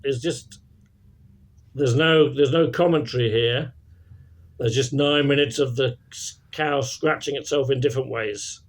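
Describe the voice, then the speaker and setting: A man's voice: medium pitch, fairly even intonation. Man, casual co-host, self-mocking, stop-start delivery. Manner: self-deprecating, halting restarts, laughs often. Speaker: podcast co-host. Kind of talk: casual chat on a call.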